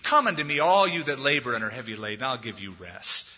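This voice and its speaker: A man pastor delivering a sermon, telling stories with animated delivery and rising loudly when quoting scripture. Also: mid-range voice, brisk, slightly rough. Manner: animated storytelling, swelling loud on scripture quotes. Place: church sanctuary. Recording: dull lo-fi recording in a reverberant hall.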